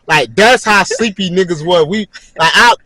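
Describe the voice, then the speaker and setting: A man's voice: high voice, normal speed, dry recording, poor audio. A young man telling a casual story, swearing a lot and acting out the voices of the people in it. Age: young adult. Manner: animated, swearing, slangy, acts out voices and yells mid-story.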